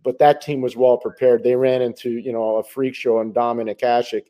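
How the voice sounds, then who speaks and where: A middle-aged man co-hosting a hockey podcast, talking in a measured, emphatic way and answering his own rhetorical questions. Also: medium pitch, flat delivery, dark tone. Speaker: hockey analyst co-host. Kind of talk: casual sports talk.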